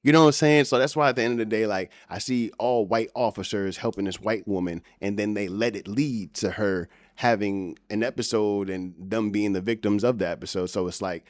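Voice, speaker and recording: A man's voice: on the low side, a little fast, hardly any pauses, no room sound, clean studio sound. A man hosting a reaction video, giving blunt, scornful and profane commentary.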